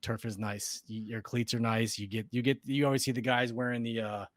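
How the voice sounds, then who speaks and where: A man's voice: medium pitch, level tone, a little fast, no echo, studio quality. A man co-hosting a sports podcast, chatting casually and rambling with restarts. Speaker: podcast co-host.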